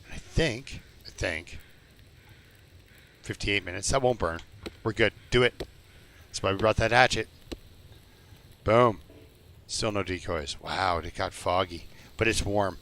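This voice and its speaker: A low-voiced man rambles through a live game stream, joking with his chat. His voice is gravelly with a bright, edgy tone, and faint music plays behind him. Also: a little slow, pauses often, slight background noise. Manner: rambling, jokey, talks to chat. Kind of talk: casual live-stream commentary.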